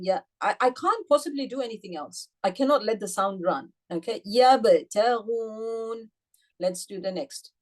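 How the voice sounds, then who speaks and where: In an online tajweed lesson, a patient woman from the United Kingdom teaches recitation, slowly demonstrating sounds and repeating them. She speaks at a medium pitch and asks her students questions directly.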